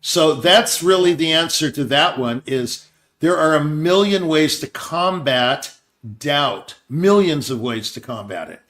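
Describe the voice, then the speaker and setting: Older male host, rambling casual talk, slightly higher voice. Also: animated, a little slow, fairly bright tone. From Scottsdale, Arizona area. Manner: rambling, restarts, quotes others in put-on voices. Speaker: show host. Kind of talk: casual conversation.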